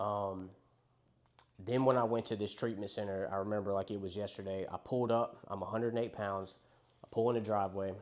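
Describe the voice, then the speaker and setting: A young man speaks in a lowish voice. He tells his own story of addiction and recovery in a candid, rambling way, swearing casually and acting out what others said to him. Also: a little mellow.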